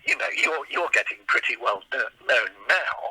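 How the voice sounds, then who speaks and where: A man, a guest impressionist, chatting casually in an interview and telling animated anecdotes. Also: medium pitch, moderate pace, very noisy. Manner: animated, anecdotal, slips into voices when quoting people.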